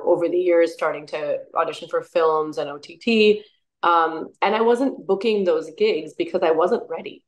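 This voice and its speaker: A woman in her thirties, a musician and actor, chatting enthusiastically in an interview and laughing often. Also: lowish voice. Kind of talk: casual interview chat.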